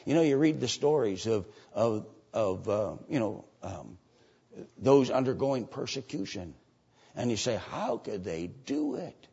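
An older man preaching a sermon and reading scripture aloud. He moves between loud, emphatic preaching and quiet asides. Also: lowish voice, very animated, unhurried, creaky, slightly rough. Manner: reads scripture aloud in old-fashioned wording. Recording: dull lo-fi sermon recording.

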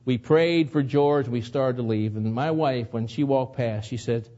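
A man's voice: mid-range voice, moderate pace, hardly any pauses, dark tone, highs cut off. A man preaching a sermon, telling a personal story in an earnest way that builds to emotional moments. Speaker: pastor.

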